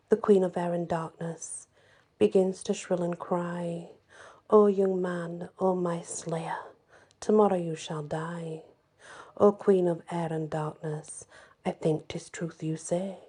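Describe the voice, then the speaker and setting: A woman reading old fairy ballads and folklore aloud as a storyteller, gentle and unhurried, sometimes dropping into a soft whisper. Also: on the low side, slightly rough.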